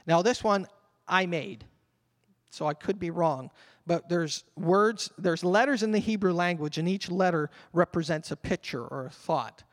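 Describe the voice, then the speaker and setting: An older man, a pastor, delivering an animated sermon that drops at times to a murmured prayer. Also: high voice, unhurried. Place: church hall. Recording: long reverb of a church hall.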